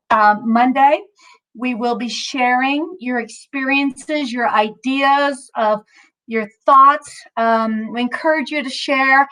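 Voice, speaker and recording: A woman's voice: high-pitched, slow, a bit bright. A woman leading a mindfulness session in a casual, upbeat, chatty way, with lots of fillers and restarts, at times out of breath. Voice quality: chatty, upbeat, self-interrupting with many fillers. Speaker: mindfulness instructor.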